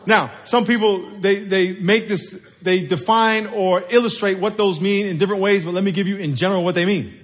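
In a church sanctuary, a pastor delivers a sermon in a playful, chatty manner, drawing the congregation into call-and-response. He has a high male voice and talks briskly with few pauses.

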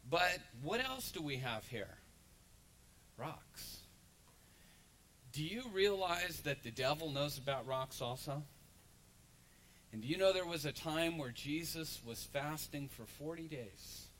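A man, a pastor, preaching a lively sermon in a church and acting out the voices of people in the story. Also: fairly high pitch, slow, pauses often, a little hiss or hum, low-quality recording. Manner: animated storytelling, acts out crowd voices. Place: church sanctuary.

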